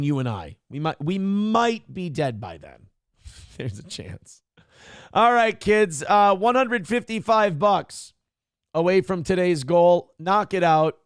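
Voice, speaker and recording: A man's voice: fairly high pitch, no room sound, clean studio sound. A man hosting a morning show, chatting casually, reading viewer comments, and swearing and joking at his own expense. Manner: profane, joking, self-mocking rants.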